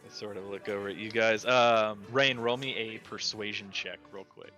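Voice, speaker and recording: A man narrating as game master in a tabletop role-playing game, with a relaxed, rambling delivery. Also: fairly low pitch, normal speed, soft background music.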